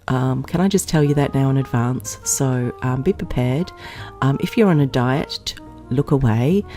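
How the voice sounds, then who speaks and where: Low-voiced chatty woman vlogger. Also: normal speed, dark tone, soft background music. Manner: rambling, chatty, many fillers and giggles. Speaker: vlog host. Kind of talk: casual chat to camera.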